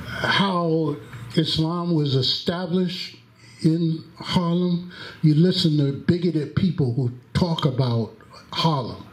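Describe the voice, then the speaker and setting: A man introducing a lecture in a mosque hall, telling stories in a deliberate, drawn-out way and acting out the quotes. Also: fairly high pitch. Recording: echoey hall with faint background noise.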